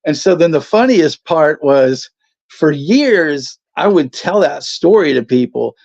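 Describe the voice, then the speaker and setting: A man's voice: on the high side, animated, unhurried, vocal fry, darkish tone. A man hosting a casual livestream chat, rambling through a story, swearing and laughing often. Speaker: channel host. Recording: dull lo-fi stream audio.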